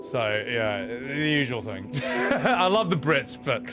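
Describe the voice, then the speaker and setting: A man's voice: medium pitch, sing-song, slow, over music. A man streaming a video game, commenting in jokey, profane rants to his chat.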